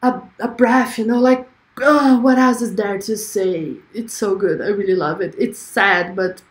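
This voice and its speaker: A woman's voice: mid-range voice, fairly even intonation, measured pace, roomy sound. A young woman hosting a livestream, chatting effusively and reading viewer comments aloud. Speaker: livestream host. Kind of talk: casual livestream chat.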